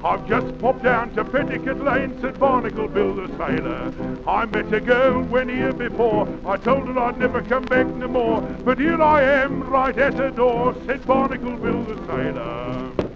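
A man's voice: very high voice, animated, measured pace, heavily acted. A man singing the part of a boastful, salty old sailor in a comic music hall style on an old 78 record. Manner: comic sung-spoken music hall delivery. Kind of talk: 1920s comic novelty record. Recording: dull lo-fi 78 rpm record with band.

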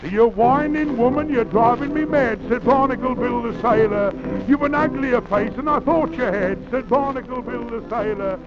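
A man's voice: very high voice, moderate pace, few pauses. A man singing a boastful old sailor. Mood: scornful. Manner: comic sung-spoken music hall delivery. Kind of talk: 1920s comic novelty record. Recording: dull lo-fi 78 rpm record with band.

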